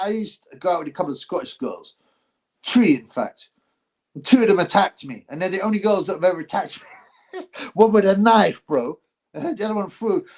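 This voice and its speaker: Rambling, animated man on a livestream. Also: sits high. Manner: rambling, animated, frequent laughs and restarts. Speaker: livestream host. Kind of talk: casual livestream chat reading viewer comments.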